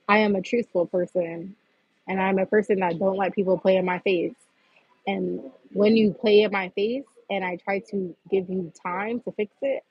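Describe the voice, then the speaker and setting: A husky-voiced woman rants on her own livestream, blunt and full of curses. The sound is dry and a little muffled, as if from a phone. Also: mid-range voice, no room sound. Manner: blunt, profane, venting. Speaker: livestream host. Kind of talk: heated livestream rant.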